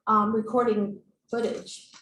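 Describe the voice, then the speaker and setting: A woman's voice: a little high, level tone, unhurried, fairly bright tone. A woman giving a presentation at a board meeting, informal, with fillers and self-corrections. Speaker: staff member presenting to a board. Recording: echoey room mic, faint noise.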